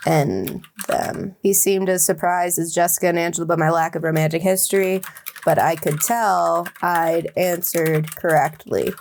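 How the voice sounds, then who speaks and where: A woman with a somewhat low-pitched voice reads her draft aloud and revises it as she goes. Her commentary is chatty and wry, full of casual fillers. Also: normal speed, darkish tone, a little hiss or hum. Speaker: writer.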